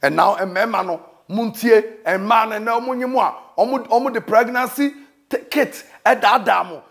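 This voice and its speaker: A man with a Ghanaian accent giving a dramatic, scolding comic sermon that bursts into shouting. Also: sits high, normal speed, vocal fry. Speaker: preacher.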